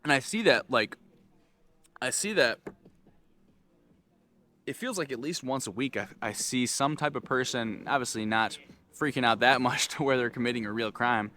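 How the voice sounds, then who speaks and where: A young man casually telling a story to his viewers, acting out loud yells along the way. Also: moderate pace, pauses often. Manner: animated, acts out screaming with loud high yells. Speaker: vlogger.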